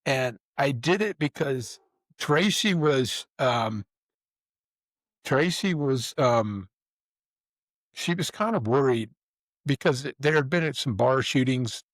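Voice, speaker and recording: An older podcast host, in his 50s or beyond, leads a relaxed storytelling chat, spinning loose, rambling anecdotes full of swearing, restarts and acted-out quotes. His middle-pitched voice moves slowly, with long pauses. The recording is close and dry, with no room echo.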